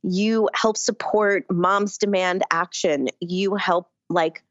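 A woman's voice: medium pitch, steady tone, slow pace, no room sound. Congested woman guest on a dull line. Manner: candid, rambling talk with many "like"s. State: stuffy, congested from sinusitis. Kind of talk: casual conversation.

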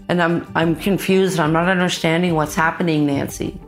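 Woman with a low voice, halting and pained, telling what happened to her daughter, faint music under. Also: steady tone. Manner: halting, pained, repeats words. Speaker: interviewee, victim's mother. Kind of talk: emotional interview recounting.

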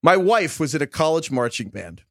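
A man's voice: on the high side, normal speed, dry recording, studio quality. A man co-hosting a podcast, reading listener emails aloud and acting out the quoted lines. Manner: animated storytelling, acts out quoted lines.

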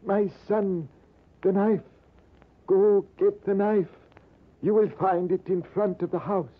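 An old foreign-accented Persian man, pitched up and pleading, as a radio actor puts him on. He speaks with grave, fatherly solemnity. The sound is thin and lo-fi, like an old radio broadcast. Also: steady tone, takes it slowly. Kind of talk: 1940s radio acting.

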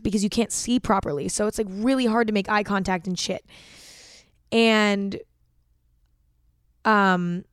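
A young woman hosts an advice podcast, telling her own story in loose, casual talk full of swearing and "like". Her voice is smooth and clear. It is recorded dry on a close mic, with no room sound. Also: mid-range voice, dry recording. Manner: candid, swears freely, fills with "like". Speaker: podcast host giving advice.

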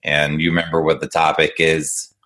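A man's voice: extremely low pitch, completely flat delivery, normal speed, bright, forceful tone. A man working as an executive functioning coach, explaining ideas to a young listener in an upbeat, casual conversation. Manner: upbeat, explanatory, talks to kids.

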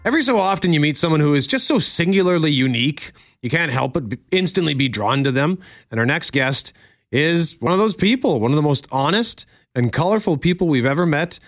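Male morning radio co-host, animated pitch, dry studio sound, chatty letter-reader. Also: a little fast, dry recording, soft background music. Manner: chatty, reads listener letters aloud with asides. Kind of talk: casual radio chat. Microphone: studio microphone.

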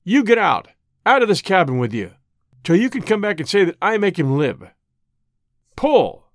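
A man's voice: high-pitched, big pitch swings, normal speed, no room sound, clean studio sound. Man playing a snarling, wrathful surgeon. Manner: barking, forceful. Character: commanding, irascible male surgeon.

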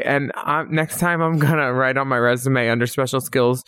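A man co-hosting a podcast in casual chat, chatty and quick with asides. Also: medium pitch, little pitch movement, fairly bright tone, clear, resonant tone, dry recording, studio quality. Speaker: podcast co-host.

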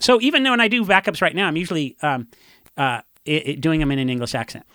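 Bright-voiced rambling punk musician. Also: male voice, on the high side, fast talker, no echo, studio quality. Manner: rambling storyteller, lots of fillers and laughs. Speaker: podcast guest, punk musician. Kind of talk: casual chat.

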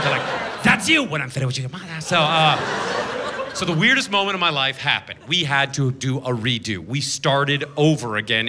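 A man performing a sarcastic stand-up set on a theater stage, slipping into mocking voices for his bits. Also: a little high. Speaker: stand-up comedian. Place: theater stage with a laughing audience.

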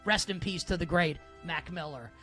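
A man's voice: on the high side, normal speed, sharp tone, faint music behind. A man hosting a sports betting talk show, rambling casually with lots of "like" and playfully calling himself by a mock-royal title. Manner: playful mock-regal self-reference, rambling with frequent "like". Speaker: sports betting radio host.

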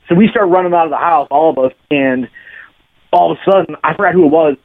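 A man with a fairly high, quick voice, a bass player on a podcast, laughs his way through a rambling, profane anecdote in casual chat. The recording is lo-fi and phone-like.

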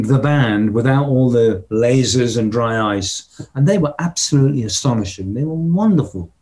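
Man telling a lively rock anecdote. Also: on the high side. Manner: animated, acts out quotes and drum sounds. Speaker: interview guest, musician. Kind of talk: casual storytelling anecdote.

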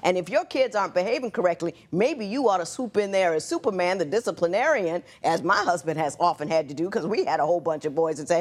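A woman's voice: lowish voice, lively intonation, fast talker, hardly any pauses. A woman presiding as a TV court judge, lecturing in a stern, emphatic manner. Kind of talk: courtroom TV show judging.

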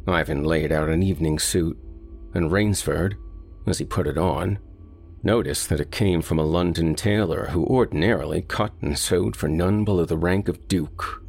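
A man reading a short story aloud in a steady, deliberate audiobook narration. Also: low voice, vocal fry, husky, soft background music.

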